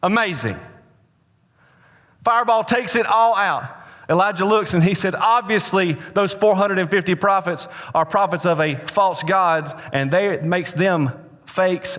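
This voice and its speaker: Pastor preaching in a reverberant hall. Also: male voice, high-pitched. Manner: storytelling with humor, swings between loud and hushed. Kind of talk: sermon. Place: church sanctuary.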